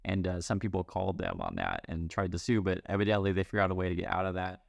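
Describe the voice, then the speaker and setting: Low gravelly man in casual commentary. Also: lively intonation, quick pace, no echo, studio quality. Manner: chatty, many fillers and restarts, wry laughs. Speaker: news commentary host.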